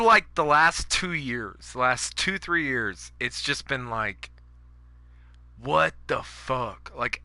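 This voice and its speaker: A man's voice: on the high side, bright, forceful tone, no echo. A man giving angry, profane commentary over his own gameplay, ranting at the audience. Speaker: gaming YouTuber.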